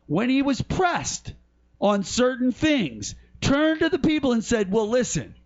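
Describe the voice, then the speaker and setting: A man hosting a podcast, giving casual, mocking political commentary in an animated way. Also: very high-pitched, a little slow. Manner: ranting, mocking, animated storytelling. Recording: dull lo-fi podcast audio.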